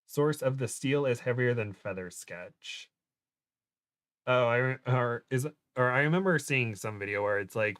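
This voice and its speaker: A man's voice: medium pitch, measured pace, fairly bright tone, no room sound. A man with an American accent, chatting casually as a guest on a livestream, laughing often and trailing off mid-sentence. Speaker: guest co-host.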